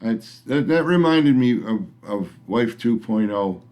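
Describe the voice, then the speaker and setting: Slow, grumpy, blunt middle-aged man. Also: medium pitch, expressive, a little mellow. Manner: grumpy, blunt, rambling with restarts. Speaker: vlogger. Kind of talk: casual rant to camera.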